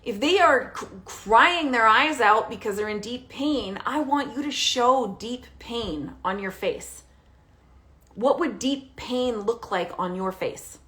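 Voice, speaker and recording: A woman coaching parents directly, animated and emphatic, often checking in with a quick "okay?". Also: a little high. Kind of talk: direct-to-camera coaching talk.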